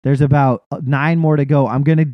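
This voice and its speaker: A man's voice: on the high side, fairly even intonation, a little fast, no room sound. Male podcast host, casual and profane, dull dry sound. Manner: laid-back, swears casually, stumbles and restarts. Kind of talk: casual chat.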